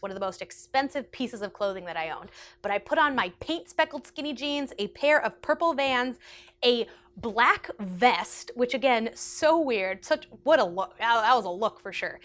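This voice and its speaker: A young woman casually telling a personal story, animated and chatty, with lots of "like" fillers. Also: fairly high pitch. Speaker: vlogger.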